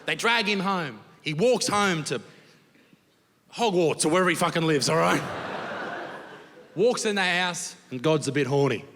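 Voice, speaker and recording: Brash Australian comedian, bright and high. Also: male voice, lively intonation, moderate pace, long pauses, slight background noise. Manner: crude, brash, swearing. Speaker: stand-up comedian. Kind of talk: stand-up comedy. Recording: live hall with long reverb.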